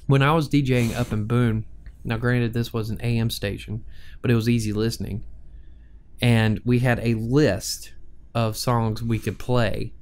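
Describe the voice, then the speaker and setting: A podcast co-host in his forties chats casually and tells stories, laughing often. His mid-range voice is steady and darkish, and he speaks a little slowly.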